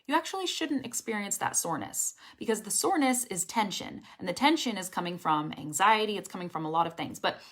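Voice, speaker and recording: A woman's voice: mid-range voice, brisk, hardly any pauses. Encouraging woman teaching English pronunciation. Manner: lively, encouraging, checks in with "okay?". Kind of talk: online lesson.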